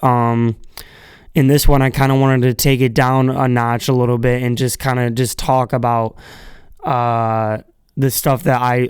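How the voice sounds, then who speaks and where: A man's voice: medium pitch, clean tone, dry recording. Young male podcast host, freshly woken, loose filler-heavy chat; rich clean tone, dry close sound. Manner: rambling, filler-heavy, swears casually. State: just woke up, voice a bit groggy. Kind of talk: casual solo podcast monologue.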